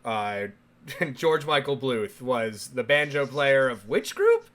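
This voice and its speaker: A man's voice: mid-range voice, wildly swooping pitch, a bit bright. A man hosting an interview show, chatting casually and laughing often. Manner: laughs often, quick and playful. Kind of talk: casual chat over a video call.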